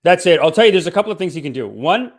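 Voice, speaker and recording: Male podcast host, animated sarcastic commentary, slightly high, dry mic. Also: very fast, dry recording. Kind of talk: comedic commentary.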